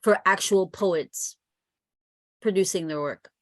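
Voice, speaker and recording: A woman's voice: lowish voice, takes it slowly, dry recording, clean studio sound. A woman poet chatting with enthusiasm, with many fillers and restarts. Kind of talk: casual chat.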